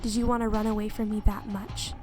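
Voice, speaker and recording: A cold, controlling young man, possessive and menacing, as a woman puts him on with her voice dropped low. He talks quietly and coldly while reading a game character's lines aloud, with game music behind him. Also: level tone, brisk, close to an everyday voice. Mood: interrogating.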